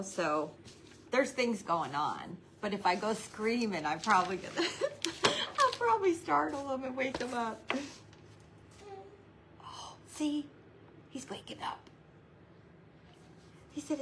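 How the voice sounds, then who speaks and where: A woman's voice: mid-range voice, sharp tone, a little hiss or hum, poor audio. A middle-aged woman hosting a live craft tutorial, chatting and greeting viewers by name while keeping her voice down so a baby can sleep. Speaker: craft livestream host.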